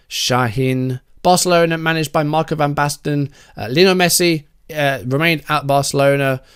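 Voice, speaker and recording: A man giving casual game commentary, musing aloud as he reviews results and reacts with easy surprise. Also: medium pitch. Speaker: gaming YouTuber.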